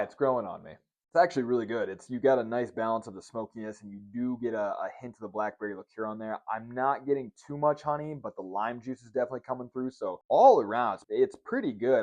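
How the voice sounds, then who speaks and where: A man's voice: medium pitch, quick pace, darkish tone, no room sound, lo-fi sound. A young man hosting a casual vlog, reviewing a movie and a cocktail with candid, sarcastic asides and frequent swearing. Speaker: host.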